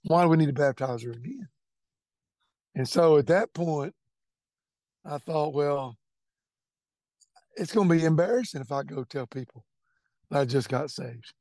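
A man's voice: on the high side, animated, a little slow, long pauses, darkish tone, dry recording. A middle-aged man, earnestly telling his faith testimony and repeating words as he goes. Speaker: testimony speaker. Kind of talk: personal testimony storytelling.

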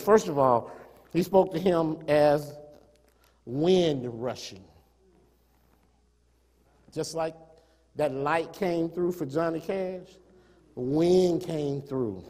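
A man preaching a sermon, firing rhetorical questions at the congregation, swelling to emphatic peaks and then dropping to quiet asides. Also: a little high, takes it slowly, pauses often. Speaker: pastor. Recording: long hall reverb.

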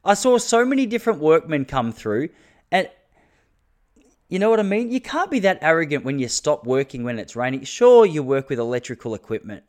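A man's voice: a little high, sing-song, normal speed. An Australian man in his thirties hosting a solo podcast, rambling and joking, with mock rants. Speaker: podcast host. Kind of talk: casual solo podcast chat.

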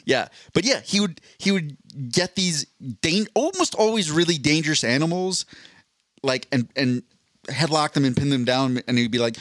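A man's voice: medium pitch, normal speed, fairly bright tone, dry recording, clean studio sound. A man co-hosting a podcast in casual comedic chat, joking playfully and slipping into silly voices. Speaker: podcast co-host.

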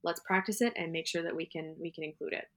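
A woman co-hosting a casual chat about weddings, chatty and animated, telling stories with laughter. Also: low-pitched, quick pace. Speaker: wedding podcast co-host.

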